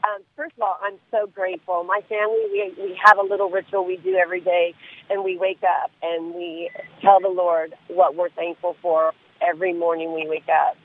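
High-voiced male caller on a phone line. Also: fairly even intonation, normal speed, no room sound. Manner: earnest, rambling.

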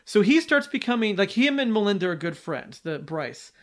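A high-pitched man talks through a film plot in a relaxed, conversational way. He rambles, doubles back and fills gaps with fillers as he goes. The delivery is casual podcast chat. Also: moderate pace. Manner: rambling, with many fillers and restarts. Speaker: podcast host.

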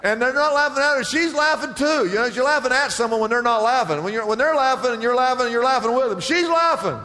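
A man preaching a lively sermon, who acts out the voices of the figures in the Bible story. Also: extremely high pitch, fast talker, few pauses, long reverb tail. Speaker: pastor.

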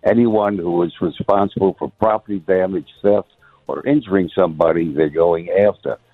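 A man's voice: deep voice, moderate pace, no room sound. A man calling in to a radio show, giving his opinion with many hesitations and fillers. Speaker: radio caller. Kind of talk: call-in opinion. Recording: muffled phone line.

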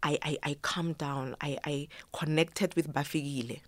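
Her voice deep and her tone steady, a middle-aged guest who works as a choreographer and yoga teacher shares a heartfelt personal story at normal speed, barely pausing. She voices the people she quotes and weaves in bits of Zulu.

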